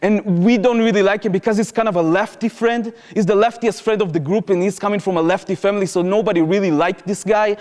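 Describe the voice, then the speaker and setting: A man's voice: high-pitched, steady tone, fast, few pauses, darkish tone. A man tells a personal story in an earnest, vivid way, with slightly phrasing. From Israel. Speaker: public speaker, former soldier. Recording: reverberant hall.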